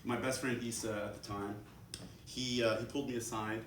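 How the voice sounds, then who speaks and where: A man's voice: medium pitch, little pitch movement, a little fast, a bit bright. Man telling jokes on a club stage, heard from a distance. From London, Ontario, Canada. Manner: loose storytelling with many fillers and restarts. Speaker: stand-up comedian. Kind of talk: stand-up comedy set. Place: comedy club stage with live audience. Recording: roomy, distant, noisy club recording.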